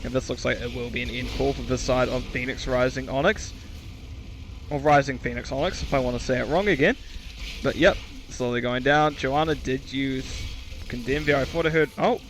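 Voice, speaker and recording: A man's voice: medium pitch, fairly even intonation, normal speed, a bit bright, slight background noise. A man giving solo esports commentary, chatty and self-mocking, stumbling over player names and correcting himself. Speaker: esports caster.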